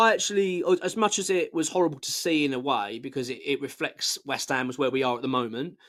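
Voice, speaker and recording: A man's voice: medium pitch, a bit bright. A man, married, hosting a football fan channel and giving blunt, passionate casual commentary full of restarts. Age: adult, married.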